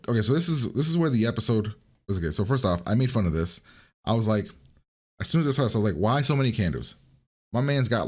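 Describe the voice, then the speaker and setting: Low-voiced man casually recapping a show. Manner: rambling, chatty, lots of fillers and restarts. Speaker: reaction video host.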